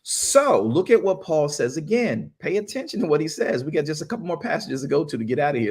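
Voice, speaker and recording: A man preaching a sermon, chatting and joking with his congregation in colloquial speech, then reading scripture slowly and emphatically. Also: on the high side, expressive, slightly rough. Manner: playful, teasing banter with the congregation; reads scripture slowly and emphatically, repeating lines.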